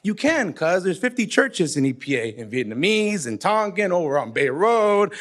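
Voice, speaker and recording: A man's voice: sits high, sing-song, normal speed, fairly bright tone. A man performing a spoken word poem with rhythmic, emphatic delivery, slipping in Spanish phrases. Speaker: poet.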